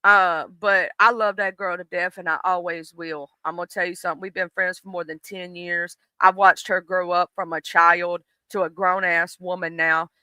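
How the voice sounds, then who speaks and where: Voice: medium pitch, moderate pace, few pauses, clean tone, no echo, rough recording. A streamer in their late thirties, chatting casually and animatedly with a live audience, swearing freely. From southern United States. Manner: animated, profane, talks straight to the chat.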